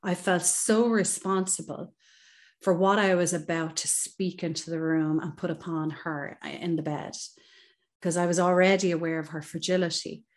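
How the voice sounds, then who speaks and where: A woman's voice: fairly low pitch, steady tone, moderate pace. A woman, a psychotherapist guest on a podcast, telling her personal story in an earnest, reflective way with many "you know"s. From Ireland.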